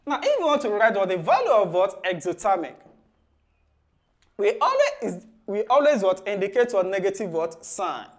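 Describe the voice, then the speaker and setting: A man teaching chemistry for exam preparation. He ends nearly every phrase with "what?" and then answers it himself in a low, soft voice. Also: big pitch swings, moderate pace. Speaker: chemistry tutor. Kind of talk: exam-prep lesson.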